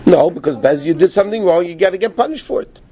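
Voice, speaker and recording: A man teaching Talmud in a conversation, animated, acting out the voices of the people he quotes. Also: high voice, fast talker, a crowd in the background. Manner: animated, acts out quoted speakers. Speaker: Torah teacher. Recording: dull lo-fi recording.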